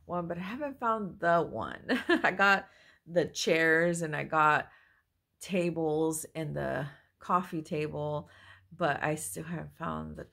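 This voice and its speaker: A chatty, excitable woman with a lowish, gravelly voice, talking at home into a handheld camera. She speaks in a casual haul-vlog way and keeps apologizing as she shows her finds. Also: takes it slowly. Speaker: mother showing a thrift haul. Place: at home, indoors. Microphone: handheld phone or camera she moves around.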